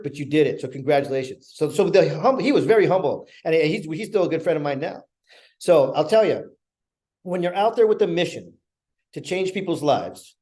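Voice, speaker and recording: A middle-aged man giving a motivational talk, telling stories with lively acted-out quotes as an event organizer. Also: a little high. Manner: energetic storytelling, acts out quoted dialogue.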